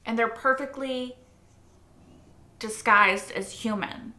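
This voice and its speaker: A woman hosting a casual reaction video, animated and frequently swearing, repeating phrases as she talks things through. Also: fairly high pitch, very slow. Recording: roomy echo.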